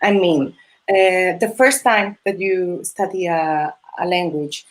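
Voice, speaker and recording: A woman's voice: fairly low pitch, slow pace. A Spanish woman, a Spanish teacher and holiday host, chatting in English with a Spanish accent as a non-native speaker, hesitant with many fillers and restarts and frequent laughs. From Spain. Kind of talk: casual interview chat. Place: video call or live stream.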